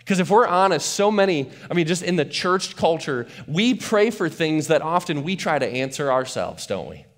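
A male pastor preaching a sermon to his church in a casual, animated way, often restarting and repeating words. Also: on the high side, normal speed. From not from West Michigan. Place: church auditorium.

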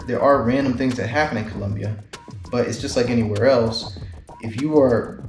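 A man speaking in a loose, conversational way, full of fillers and false starts as he tells a story to his camera. His voice sits at a middling pitch and bounces around a roomy, echoey space. Faint music plays underneath. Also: a little mellow. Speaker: vlogger.

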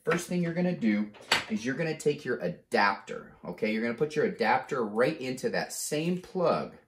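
Roomy-sounding man explaining tech steps slowly. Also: mid-range voice, a little hiss or hum. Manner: slow, deliberate step-by-step explaining; frequent "okay?" check-ins. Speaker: tech tutorial host. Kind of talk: casual how-to demonstration. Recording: roomy, echoey room sound.

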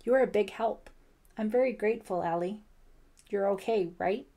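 A woman's voice: mid-range voice, normal speed, dark tone, close to an everyday voice. A woman voicing a grim, middle-aged male police lieutenant in an audiobook, firm and weary. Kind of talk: audiobook character voice.

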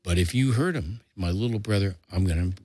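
An older man voicing his protective big brother making a blunt threat, a little higher than his own voice. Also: fairly quick, dark tone, breathy edge, no echo. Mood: threatening.

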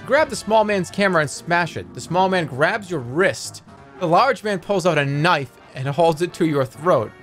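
A man with a slightly raised pitch reads story text aloud from a game and breaks off into dry, joking asides laced with swearing. He talks in a loose, casual stream style. Faint music hums underneath. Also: animated, normal speed, fairly bright tone. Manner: wry, joking, swears freely.

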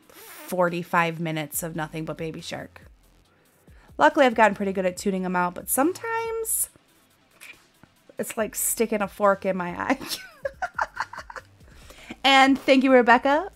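A woman's voice: medium pitch, lively intonation, measured pace, faint music behind. Chatty woman streamer, laughing often. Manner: chatty, laughs often, loud exclamations while playing. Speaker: game streamer. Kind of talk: live game streaming, chatting with viewers.

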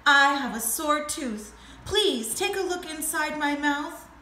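A woman's voice: very high voice, very animated, takes it slowly, bright, forceful tone, roomy sound, slight background noise, voice pushed up, exaggerated voice. A woman voicing a sly male crocodile who fakes crying and pleads for help in a storybook reading. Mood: pleading. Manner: sobbing, pleading wail. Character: whiny sly male crocodile faking a toothache.

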